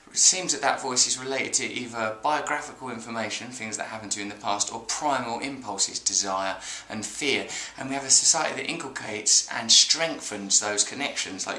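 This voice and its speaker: A man hosting a comic news monologue, mocking the headlines and then dropping into a soft, reflective reading voice. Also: medium pitch, roomy sound, slight background noise, low-quality recording. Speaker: host.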